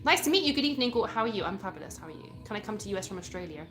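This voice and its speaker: A chatty young British woman runs a live stream, reading out viewer comments and answering them in an easy, conversational way. Her voice sits at a middle pitch, close to the mic, with faint music playing behind her. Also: big pitch swings, rapid-fire, a bit bright. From England. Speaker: livestream host.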